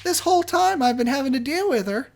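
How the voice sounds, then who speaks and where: A man co-hosting a podcast, telling a job story in an animated way and laughing often. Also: very high voice, fast talker, vocal fry. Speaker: podcast co-host. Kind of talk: casual storytelling.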